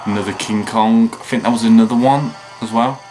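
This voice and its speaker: A tired man hosting a video reaction, rambling and chatting with frequent excited remarks and laughs. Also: fairly low pitch, fairly quick, soft background music. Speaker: reaction channel host. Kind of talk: casual video reaction commentary.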